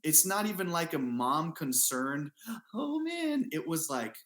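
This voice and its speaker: In a room with a roomy echo, a man appearing as an interview guest, an athlete, recounts a personal story at a measured pace. His voice is a little high and fairly bright, and he's earnest and casual, repeating himself, restarting, and using many fillers.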